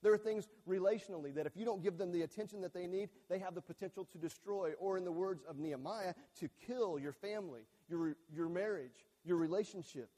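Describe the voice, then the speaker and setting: A man's voice: high voice, a little fast, few pauses, dark tone, long reverb tail. A male pastor preaching a sermon to a congregation, earnest and emphatic, who repeats key phrases and trips over and restarts his words. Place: church sanctuary with a screen behind him.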